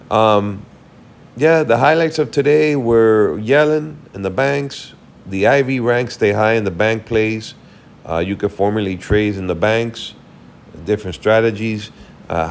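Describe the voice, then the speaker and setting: A man's voice: lowish voice, slight background noise. A tired man rambling casually through a market recap, thinking aloud while he checks charts. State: tired, yawning. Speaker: market commentary host.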